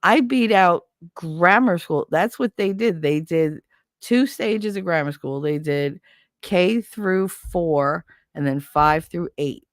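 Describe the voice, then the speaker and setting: A woman whose voice runs on the low side speaks slowly, in clean studio sound with no room echo. She hosts a casual chat, telling rambling, profane, animated stories and responding to a comment from a viewer.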